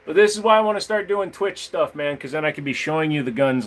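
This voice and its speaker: A man's voice: on the high side, quick pace, fairly bright tone. A man hosting a casual livestream, chatting with viewers and talking sweetly to his dog between answers. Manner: chatty, talks baby-talk to his dog. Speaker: livestream host.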